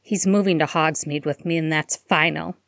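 A woman voicing a furious, shouting godfather. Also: low-pitched, steady tone, normal speed, creaky, no echo, studio quality. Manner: shouting in outrage, loud and heated. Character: furious hot-tempered grown man, fiercely protective godfather.

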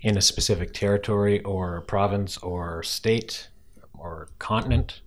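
A man with a very low voice talks casually in a podcast interview. He is a film director with a wry, self-deprecating way of telling stories, dropping dry jokes as he goes. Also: measured pace.

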